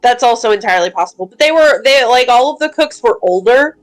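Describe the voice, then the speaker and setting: A young woman telling an animated story in casual chat among tabletop players, laughing as she talks. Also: fairly high pitch, quick pace, faint music behind, rough recording.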